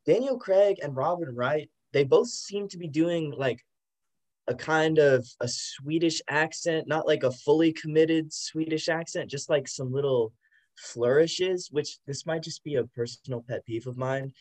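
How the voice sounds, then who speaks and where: A man's voice: on the high side, measured pace, a little mellow. A man co-hosting a film podcast, stating opinions in casual chat, then hedging and asking for agreement. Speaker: podcast co-host.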